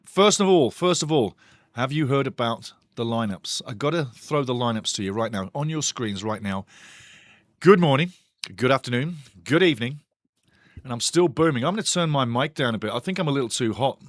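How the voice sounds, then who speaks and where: A man hosting a live football watch-along stream, chatty and excitable as he greets his chat and reads out the lineups. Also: mid-range voice, a little fast, dry recording, studio quality. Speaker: watch-along show host.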